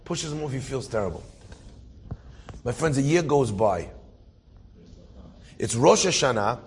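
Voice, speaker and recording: A man's voice: mid-range voice, animated, a little slow, a little hiss or hum. A man telling an inspirational story as a sermon, acting out the characters and building to emphatic preaching.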